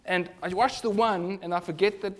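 Man, preacher, sermon, high-pitched, earnest, loud emphasis and hushed asides. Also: steady tone, moderate pace.

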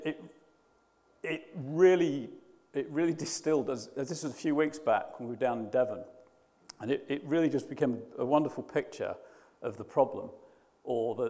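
A man's voice: mid-range voice, darkish tone, in a large hall. A man preaching a sermon, conversational and hesitant, often restarting his sentences. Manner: hesitant, frequent restarts and fillers.

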